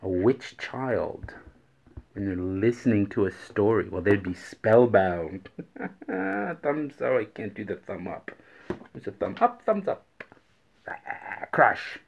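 A low-voiced man hosts a daily joke show. He repeats every riddle before the answer and chuckles at his own puns. The recording is dull and lo-fi. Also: lively intonation, takes it slowly, gravelly. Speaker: host. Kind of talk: daily joke-telling vlog.

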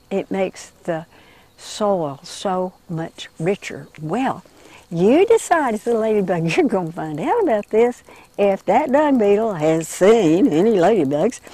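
Speaking at a medium pitch, a woman guides children through an interactive story about insects, telling them how to move and what to say. She's animated, but slows down and drops to a hush for the gentle moments.

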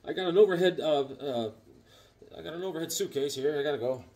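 A middle-aged man whose voice is a little high and fast rambles through a casual vlog, joking, showing comic books and telling stories. As a comic book collector host, he's animated and does voices.

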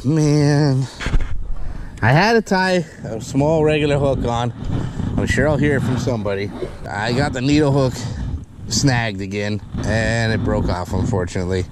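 A man filming a fishing vlog outdoors by a canal, talking to viewers and getting loud and excited whenever a fish bites. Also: medium pitch, noisy background. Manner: excitable, talks to viewers as "guys", shouts and laughs when a fish bites. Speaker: fishing vlogger.

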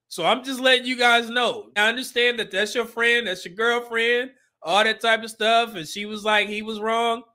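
A man hosts a livestream and comments on clips in a blunt, preachy way, laughing now and then. His voice sits high. It has a bright, forceful edge. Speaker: livestream host.

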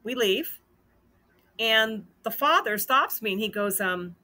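Bright-voiced woman telling a story. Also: mid-range voice, normal speed. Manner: animated, acts out quoted dialogue. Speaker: host. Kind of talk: casual storytelling vlog.

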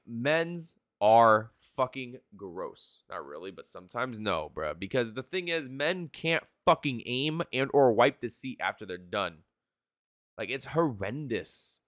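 A young man livestreams his reactions to an anime, animated and cursing freely, laughing often. His medium-pitched voice comes through clean studio sound with no echo.

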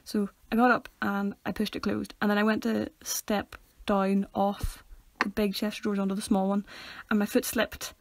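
Young female podcast co-host, giggly storyteller, gravelly, dry close mic. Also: mid-range voice, little pitch movement, normal speed, few pauses, no room sound. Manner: giggly storyteller, laughs through her anecdotes. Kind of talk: casual chat.

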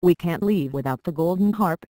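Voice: medium pitch, normal speed, mellow, dry recording, lightly acted. A plucky cartoon mouse farmer, male and cheerful, as a storybook narrator reads him aloud. The lines come evenly in a mid-range voice with a dry, close sound. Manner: plain read-aloud dialogue. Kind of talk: storybook reading.

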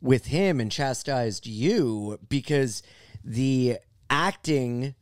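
A man's voice: mid-range voice, animated, very slow, dry recording, studio quality. Joking man co-hosting a podcast. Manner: joking, crude interjections. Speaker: guest co-host, comedian. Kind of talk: casual podcast chat.

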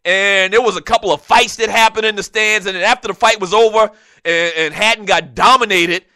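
A man hosting a casual sports talk show, telling long, rambling stories in an animated, joking way. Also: sits high, brisk, no echo.

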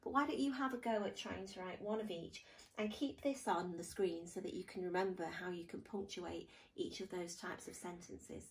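Gravelly-voiced woman teaching grammar. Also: on the low side, moderate pace, far from the mic, rough recording. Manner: patient, explains step by step with examples. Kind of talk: grammar lesson for pupils.

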